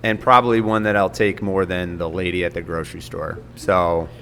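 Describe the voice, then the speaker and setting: Low-voiced man telling a funny story. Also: moderate pace, gravelly, smooth, in a large hall. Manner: animated, self-mocking, laughs often. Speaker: podcast guest. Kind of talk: casual storytelling.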